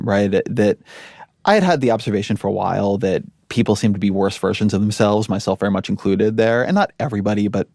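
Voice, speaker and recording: A man who once ran a media company, speaking as a guest in a thoughtful, measured way with frequent restarts. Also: lowish voice, creaky, a little mellow, no room sound, studio quality. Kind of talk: interview conversation.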